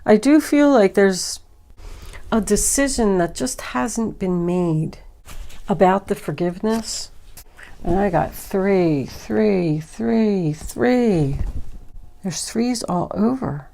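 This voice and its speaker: A woman's voice: medium pitch, slow pace, vocal fry, warm tone. A woman doing a tarot card reading, talking through each card in a meandering, reflective way. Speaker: tarot reader.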